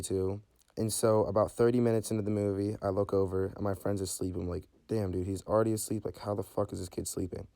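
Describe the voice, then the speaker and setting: A teenage guy rattles off a casual storytime at a quick clip, his voice low, mellow and smooth. He rambles, filling gaps with "like" and "you know", and swears freely. The sound is close and dry. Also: dry recording.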